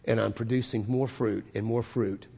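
A man preaching a sermon, moving from hushed asides to loud, emphatic declarations with drawn-out stressed phrases. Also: lowish voice, steady tone, vocal fry, husky. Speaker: pastor. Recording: long hall reverb.

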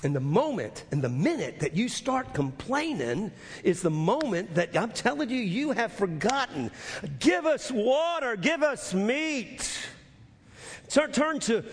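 A man preaching a sermon as pastor, emphatic and swinging from quiet to loud, often repeating words as he goes. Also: sits high, very animated, moderate pace. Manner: repeats words and restarts phrases. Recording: long hall reverb.

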